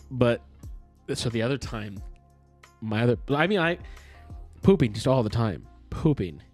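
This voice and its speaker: A young man in his twenties spins a rambling, profanity-laced story on a casual podcast. His pitch swings widely, and he keeps cracking himself up mid-sentence. Music sits faintly in the background. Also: darkish tone. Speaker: podcast co-host.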